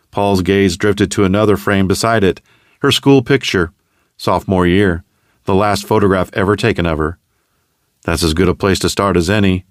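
A man narrating a dramatic story in a steady, measured way. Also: sits low, no echo, studio quality. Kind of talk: scripted narration.

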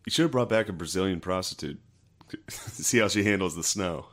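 A man with a low voice trading crude banter in relaxed conversation. He mostly chimes in with short jokes and reactions, then now and then tells a story of his own. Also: moderate pace. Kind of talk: casual crude chat.

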